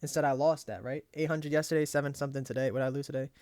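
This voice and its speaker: A man's voice: mid-range voice, steady tone, racing, darkish tone, dry recording, clean studio sound. A young man casually reviewing his trades aloud, cursing freely and talking himself through frustration. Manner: profane, frustrated self-talk, pep-talks himself. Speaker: trading journal host.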